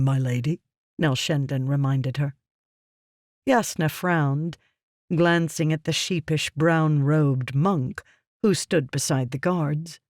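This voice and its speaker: An audiobook narrator reading a fantasy novel in a measured, even storytelling voice. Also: medium pitch, no room sound, studio quality.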